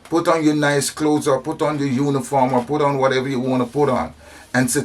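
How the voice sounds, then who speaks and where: This man talks fairly quickly at medium pitch, his delivery flat. Of African descent and speaking on religion and society, he gives an impassioned preaching monologue about compassion, repeating points emphatically and restarting sentences.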